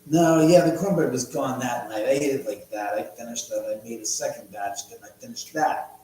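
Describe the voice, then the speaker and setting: A man's voice: medium pitch, moderate pace, mellow. Rambling, swearing man in a very echoey room. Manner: rambling, swears a lot, mutters to himself. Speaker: livestream host. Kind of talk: casual live-stream chat. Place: at home.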